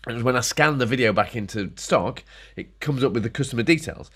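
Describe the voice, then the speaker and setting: A man's voice: medium pitch, expressive, a little fast, fairly bright tone, breathy edge. A middle-aged man ranting casually to camera, grumbling and sarcastic, muttering to himself as he works. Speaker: vlogger.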